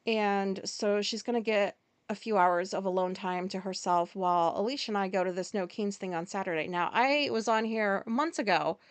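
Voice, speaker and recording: A woman's voice: medium pitch, clean tone, dry recording. A woman hosting a casual solo podcast, talking in a rambling way with lots of fillers and swearing, often stopping to apologize. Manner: rambling, profane, with many fillers and quick apologies. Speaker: podcast host.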